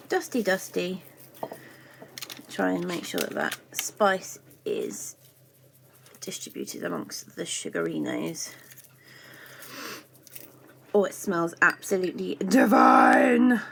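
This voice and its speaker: A woman's voice: on the low side, vocal fry, a bit bright, a little hiss or hum, rough recording. A chatty woman, baking in her home kitchen and talking playfully as she goes, tossing in silly made-up words. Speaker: baking vlogger. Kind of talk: casual chat while baking.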